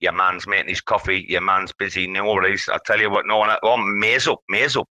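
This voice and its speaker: Guy hosting an audio room, super bright forceful voice, kinda low, rambly and hyped. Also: a little fast, no echo, low-quality recording. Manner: animated, rambling, hypes up the community. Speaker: host. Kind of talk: casual chat in a live audio room.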